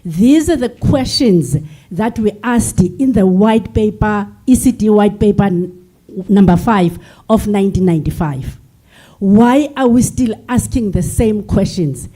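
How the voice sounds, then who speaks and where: A woman's voice: mid-range voice, expressive, a little slow, warm tone. An older South African woman delegate giving an earnest, emotional speech from the floor of a forum, repeating her points. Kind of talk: impassioned floor address. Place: large conference hall.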